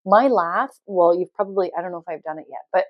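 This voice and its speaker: A woman's voice: lowish voice, fairly quick, no room sound, dull audio. Woman, podcast host, casual storytelling, laughs a lot, dry close sound. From Canada. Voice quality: loud laugh. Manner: animated, laughs often, acts out quotes.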